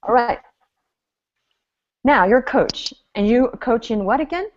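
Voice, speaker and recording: A woman business coach running an online seminar, animated and chatty, laughing often as she talks. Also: fairly high pitch, unhurried. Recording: slightly dull lo-fi audio.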